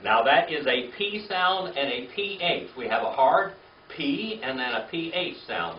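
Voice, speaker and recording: A man's voice: mid-range voice, very animated, measured pace, slight background noise. Man, Bible class teacher, patient lecturer, off-mic in a live room, muffled lo-fi tape. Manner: patient, checks in with "okay?" and "all right?". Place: church classroom with a live audience. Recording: roomy, distant, dull lo-fi room recording.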